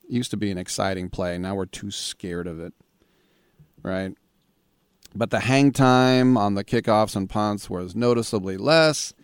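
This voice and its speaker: A man's voice: on the low side, unhurried, clean tone, dry recording. A man hosting a sports talk show, telling a long rambling story and acting out both sides of each conversation before turning to the news. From Bay Area, California. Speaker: sports talk radio host. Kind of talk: casual chat.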